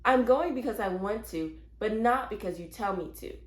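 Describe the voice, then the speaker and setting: A woman's voice: mid-range voice, animated, normal speed, echoey room, lightly acted. A woman doing a sassy, impudent little girl. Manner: defiant, sassy.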